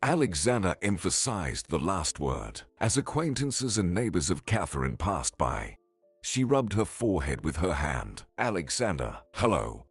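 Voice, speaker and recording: Male story narrator, very deep, husky, lively pitch. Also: measured pace, dry recording, faint music behind.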